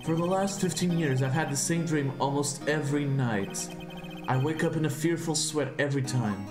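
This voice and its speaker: A man voicing a haunted young male prosecutor in a game, reading slowly and somberly. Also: on the high side, lightly acted. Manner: slow, somber confessional reading. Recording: roomy, with game music behind.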